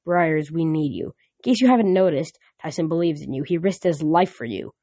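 A man's voice: a little high, lively intonation, fairly quick, mellow, no echo. A man reading a storybook aloud and voicing an earnest teenage boy hero who speaks urgently.

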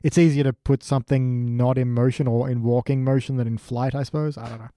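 A man's voice: medium pitch, steady tone, quick pace, mellow, no echo, clean studio sound. A man co-hosting a casual rewatch chat, wry and joking, acting out lines from the show. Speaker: podcast co-host.

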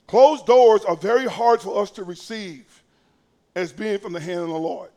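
A middle-aged male pastor with a strikingly high voice delivers a sermon. He talks folksy and conversational, then suddenly raises his voice to a shout for emphasis before dropping back to a near hush. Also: normal speed. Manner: impassioned preaching that swings between hushed and shouted.

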